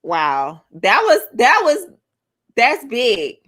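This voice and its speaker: Animated woman podcast co-host. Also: a little high. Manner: animated, lively, quick to react. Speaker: podcast co-host reading viewer comments. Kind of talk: casual podcast chat.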